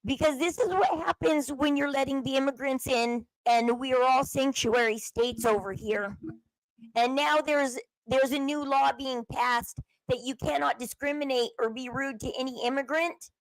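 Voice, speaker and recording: A woman's voice: sits high, fairly even intonation, normal speed, no room sound. A woman host giving casual, rambling commentary while browsing on her computer at home, acting out the people she quotes.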